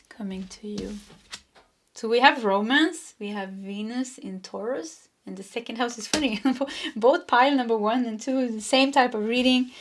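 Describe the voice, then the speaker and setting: Middle-aged woman doing a tarot reading, chatty, laughs a lot, higher-ish voice. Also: a little hiss or hum. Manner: chatty, laughs often, repeats phrases. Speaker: tarot reader. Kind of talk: pick-a-card tarot reading.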